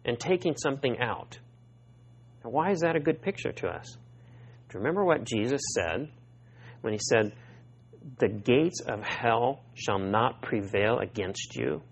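A man preaching a sermon who reads scripture aloud and keeps asking his listeners questions. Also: mid-range voice. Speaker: pastor. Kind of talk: expository Bible sermon.

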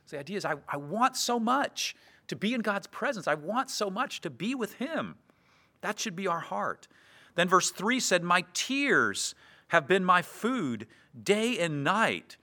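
Male preacher, slightly high, clear bright voice, earnest expository delivery. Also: very animated. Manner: earnest, slows down to read scripture verses. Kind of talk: expository sermon.

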